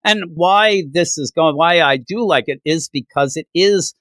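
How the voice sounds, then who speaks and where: A man's voice: a little slow, no echo, studio quality. A man from Minnesota co-hosting a casual comic book review chat, telling anecdotes and acting out the people in them. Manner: animated storyteller, acts out quoted people in high voices. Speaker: comic book podcast co-host.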